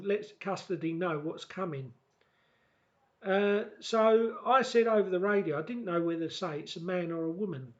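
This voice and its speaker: A man vlogging a casual, reminiscing monologue who talks haltingly and often repeats words and restarts. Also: sits high, lo-fi sound.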